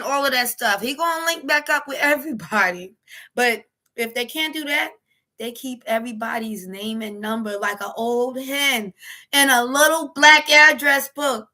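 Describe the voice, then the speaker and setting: Woman host, high and bright, animated home livestream chat, does quick character voices. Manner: animated, acts out quoted voices, laughs often. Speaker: live stream host. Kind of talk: casual monologue on relationships.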